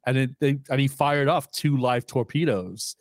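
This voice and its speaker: A man's voice: mid-range voice, moderate pace, darkish tone, no room sound. A man co-hosting a casual movie podcast, laid-back and agreeable, adding short comments. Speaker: podcast co-host.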